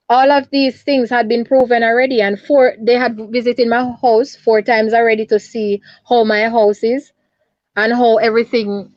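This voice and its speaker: High-voiced Jamaican woman on the phone. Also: no room sound. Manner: urgent, repetitive retelling. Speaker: caller. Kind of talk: distressed phone interview. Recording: dull lo-fi phone line.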